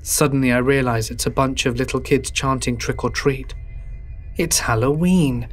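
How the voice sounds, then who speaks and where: A man reading a horror story aloud in a measured, somber way. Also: mid-range voice, soft background music. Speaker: horror narrator. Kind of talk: scripted horror narration.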